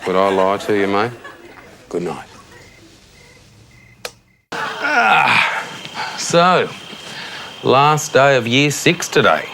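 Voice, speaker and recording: In this TV sketch set in a child's bedroom at night, an Australian-accented actor plays a cheerful, careless, tactless suburban dad putting his son to bed, chatting chummily and calling him mate. His exaggerated, gravelly mid-range voice is sing-song and very slow with long pauses, over background noise.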